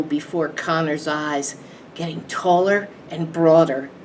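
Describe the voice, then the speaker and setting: A woman librarian reading a children's book aloud in an expressive, measured way. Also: on the low side. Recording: distant mic, faint background hiss.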